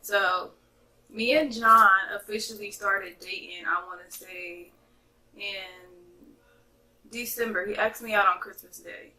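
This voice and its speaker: A young woman from North Carolina telling a chatty, animated storytime to her viewers. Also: medium pitch, measured pace, recorded from a distance, poor audio. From North Carolina, USA. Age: young adult. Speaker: vlogger. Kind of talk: casual storytime vlog.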